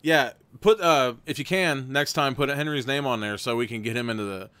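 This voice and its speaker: A man's voice: medium pitch, a little fast, bright, forceful tone, clear, resonant tone, no room sound, studio quality. A man hosting a live stream, narrating a gamebook and breaking off into rambling, chatty asides with frequent restarts.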